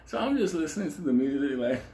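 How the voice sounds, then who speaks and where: A man's voice: on the high side, sing-song, fast, warm tone. Profane, laughing Puerto Rican storyteller man. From Puerto Rico. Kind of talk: casual comedic storytelling. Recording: roomy echo with faint ambience.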